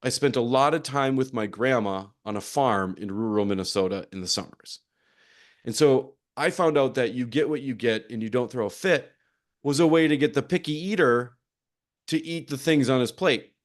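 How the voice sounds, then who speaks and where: A man coaching on performance psychology, speaking to a conference audience in an animated storytelling manner. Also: mid-range voice, normal speed. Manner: animated storytelling with acted-out quotes. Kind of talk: conference session talk.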